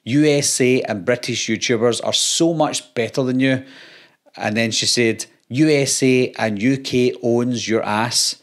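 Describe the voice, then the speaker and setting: A man's voice: mid-range voice, unhurried. A Scottish man and YouTuber, reading out comments in casual talk with dry, sarcastic comebacks. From Scotland.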